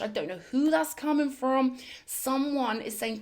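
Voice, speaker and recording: A woman's voice: a little high, animated, a little slow. A woman doing a spiritual tarot reading, talking in emphatic, affirming bursts and repeating phrases for effect. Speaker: tarot reader.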